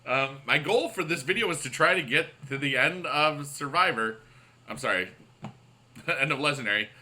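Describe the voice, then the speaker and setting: A man's voice: a little high, animated, moderate pace, pushed and bright. A man casually commenting on his mobile wrestling game late at night, upbeat and rambling, with many fillers and restarts. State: up late on caffeine. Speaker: YouTube gaming host.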